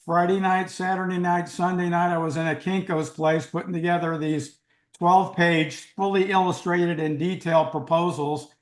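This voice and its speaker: An older man telling a dramatic life story as an interview guest, in an animated way. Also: high-pitched, normal speed. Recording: roomy echo.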